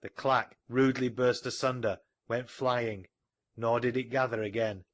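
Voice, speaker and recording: Male audiobook narrator: measured delivery, average pitch, dry close recording. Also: steady tone, no room sound. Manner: measured storytelling. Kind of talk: scripted narration.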